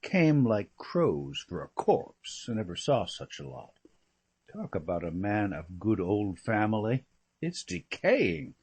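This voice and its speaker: A man reading aloud as a chatty, flippant young English gentleman who rambles through gossip. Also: fairly low pitch, very animated, slow pace, slightly rough, full character voice. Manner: rambling, breezy, full of slangy asides.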